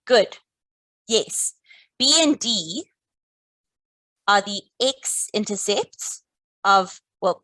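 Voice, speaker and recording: A woman teaching a live online maths lesson, calmly and encouragingly talking students through each step. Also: mid-range voice, dry recording, rough recording. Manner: encouraging, calm, talks students through steps.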